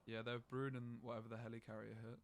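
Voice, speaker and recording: A man's voice: medium pitch, flat delivery, quick pace. A man streaming a card game, talking bluntly, swearing and ranting about his play. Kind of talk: frustrated live-stream commentary.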